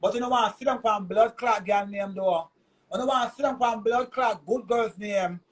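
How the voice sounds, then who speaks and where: A man's voice: sits high, normal speed, rough recording. A man with a Jamaican accent delivering a heated, cursing, repetitive rant in a vlog. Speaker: vlogger.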